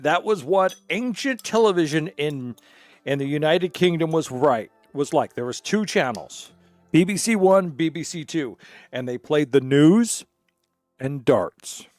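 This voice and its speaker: A gaming streamer with a fairly high-pitched voice chats casually while hosting a game stream, telling jokes that ramble and digress. He uses a streaming microphone, and there is no echo.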